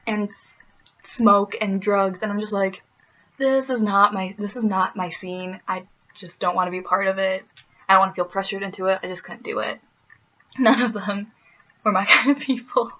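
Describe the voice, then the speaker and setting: A young woman from the US Midwest telling stories in a casual vlog, animated, laughing often and slipping in playful asides. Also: fairly high pitch, highs cut off. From Wisconsin, US Midwest. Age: young adult. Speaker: vlogger.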